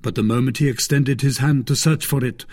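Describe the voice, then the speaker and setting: A man narrating a classic adventure novel in a measured storytelling manner. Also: mid-range voice, steady tone, a little mellow. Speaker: audiobook narrator.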